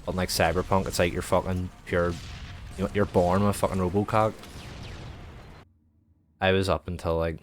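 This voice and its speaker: A man's voice: sits low, level tone, normal speed, pauses often, slight background noise. A young man streaming, chatting in a loose, rambling way, swearing freely and filling every gap with "like". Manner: sweary, rambling, heavy use of filler "like". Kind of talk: casual rambling chat.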